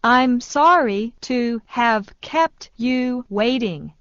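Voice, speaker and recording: Very slow woman reading English phrases. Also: fairly high pitch, no echo. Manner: slow, even repetition of each phrase. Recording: dull dry studio sound.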